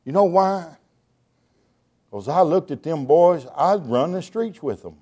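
A middle-aged man, preaching a sermon and telling his testimony with emotion, shouting at times and stammering as he restarts words. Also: on the high side, lively intonation, measured pace, slightly rough.

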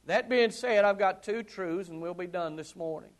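A man preaching a sermon, swinging from loud ringing calls to hushed low murmurs, with drawn-out emphatic repetition. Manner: slow, drawn-out emphatic delivery with repeated phrases.

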